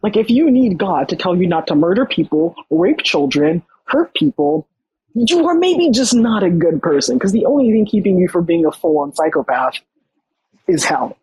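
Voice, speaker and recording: A young adult podcast guest telling a personal story in casual, animated talk full of "like". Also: medium pitch, moderate pace, breathy edge, dry recording, poor audio. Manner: animated, many fillers like "like".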